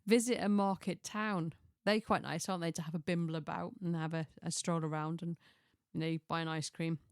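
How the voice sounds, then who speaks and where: A woman's voice: fairly low pitch, steady tone, a little fast, dry recording, clean studio sound. A middle-aged woman from Chester, chatting casually through a list of ideas, rambling and restarting with chuckling asides. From Chester, England. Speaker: lifestyle vlogger.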